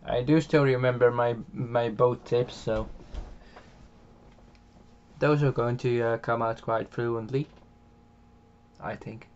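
A man's voice: mid-range voice, fairly even intonation, slow pace, pauses often, darkish tone, a little hiss or hum. Hesitant Dutch-accented man on a dull mic. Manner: hesitant, many filler sounds and restarts. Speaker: game channel host. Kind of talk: casual gameplay commentary voiced afterwards.

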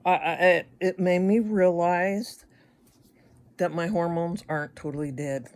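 Middle-aged woman vlogger from the United States; slow, lowish, rambling and wry with stammered restarts. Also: darkish tone. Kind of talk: casual chat to camera.

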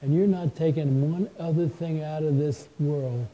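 A man voicing a movie character's farewell in a retold scene, quiet, tender and slowed down. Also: fairly high pitch, fairly even intonation, highs cut off, lightly acted. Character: dying man saying goodbye, tender and tearful.

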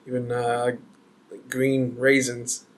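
Slow, rambling male beer reviewer. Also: medium pitch, fairly bright tone. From Canada. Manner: rambling, joking, thinks aloud with fillers.

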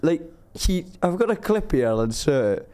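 A man's voice: on the high side, big pitch swings, moderate pace, mellow, clear, resonant tone. A man who produces the podcast, chatting casually and laughing along. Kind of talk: casual chat.

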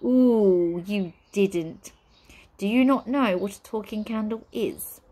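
A woman voicing a sly, smug witch in a storybook reading, with a slow, teasing delivery. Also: mid-range voice, mellow. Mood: gleeful. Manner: cool, drawn-out, teasing delivery.

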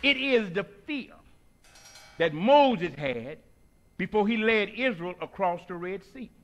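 A man preaching a sermon in a church, whooping and calling out, then dropping to hushed lines. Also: sits high, lively intonation, takes it slowly, highs cut off, faint music behind. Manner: whooping call-and-response preaching, swinging between shouts and hushed lines.

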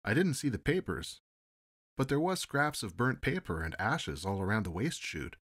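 Give me a man playing an eager, respectful ship's steward, pitched up a bit. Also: expressive, moderate pace, a bit bright. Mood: excited. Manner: polite, says sir often. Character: deferential male ship's steward, eager and talkative.

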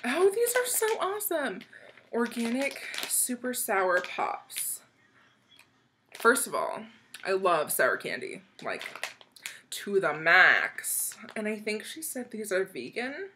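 A woman's voice: medium pitch, wildly swooping pitch, slow pace, sharp tone, a little hiss or hum. A young woman from the United States chatting casually as she opens a package, bubbly and gushing, with frequent giggles. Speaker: vlogger opening a swap package. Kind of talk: casual excited unboxing chat.

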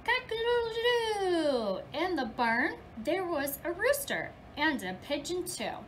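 A woman preschool teacher reads a picture book aloud to young children, slowly and with care. Her voice sits high and swoops widely as she gives the lines an expressive storybook lilt, breaking into playful animal noises along the way. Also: slight background noise, poor audio.

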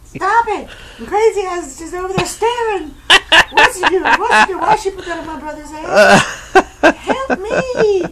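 Lady doing a super high squeaky cat voice, feisty little cat that cusses a lot. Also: expressive, moderate pace, a loud crowd, low-quality recording. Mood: wild, excited. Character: feisty house cat, playful, cranky, wild-eyed. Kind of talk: home video voiceover for pets.

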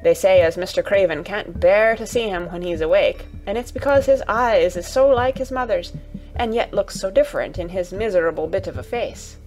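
A woman doing a gentle farm lad from a storybook, broad and coaxing in his dialect. His voice sits at a mid pitch, with soft music playing faintly underneath. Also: normal speed, lightly acted. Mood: earnest. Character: Yorkshire farm boy, gentle and earnest.

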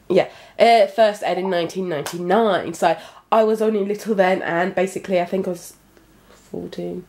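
A woman's voice: on the low side, normal speed, darkish tone. A woman in her twenties from the UK, chatting casually to her viewers while filming at home. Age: 20s. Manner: chatty and rambling, addressing viewers directly. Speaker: vlogger. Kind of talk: casual vlog chat. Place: at home indoors.

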